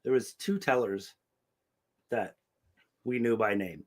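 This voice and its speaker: A middle-aged man tells a story in casual podcast chat, animated and profane, putting on the voices of everyone in it. His voice sits at an ordinary middle pitch. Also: takes it slowly. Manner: animated, profane, acts out quoted dialogue. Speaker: podcast co-host.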